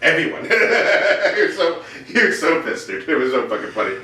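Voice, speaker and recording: A man's voice: a little high, big pitch swings, normal speed, sharp tone. A man telling a story in casual chat, laughing often as he talks. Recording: very echoey room, mic far off.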